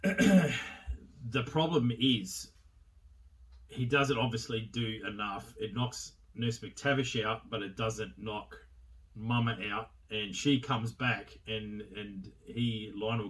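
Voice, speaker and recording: A man's voice: on the low side, a bit bright, recorded from a distance. A man giving a rambling, casual film review, full of swearing, fillers and chuckles.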